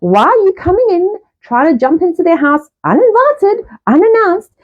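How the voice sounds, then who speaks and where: A middle-aged woman hosting a casual live stream, talking fast in a rambling way and swearing often. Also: extremely high pitch, sing-song. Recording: dull lo-fi live-stream audio.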